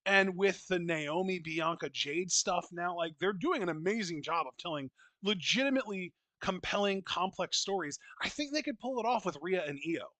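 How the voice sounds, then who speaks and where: Bright, higher-voiced man ranting casually. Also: animated, moderate pace, no room sound. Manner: opinionated, blunt and profane, rambling with restarts. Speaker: wrestling podcast co-host. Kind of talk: casual podcast chat.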